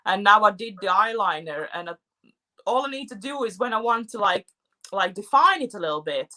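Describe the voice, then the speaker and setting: A woman's voice: medium pitch, fairly quick. A Latvian-born woman with Latvian as her first language, co-hosting a casual, playful chat while doing her makeup at home. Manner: animated, playful, laughs at herself. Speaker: co-host.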